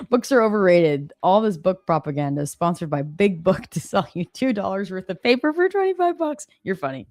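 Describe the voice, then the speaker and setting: A woman's voice: mid-range voice, very animated, a little fast, dry recording, clean studio sound. A woman hosting a live trading stream, chatting casually, reading viewer comments and laughing often. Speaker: livestream host.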